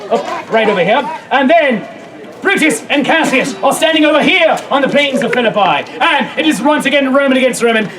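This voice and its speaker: High-pitched male comic narrator at an outdoor fair, boisterous mock director, loud crowd behind. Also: expressive, brisk, distant mic. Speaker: street theatre host and narrator. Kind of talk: comic audience-participation storytelling. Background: large crowd.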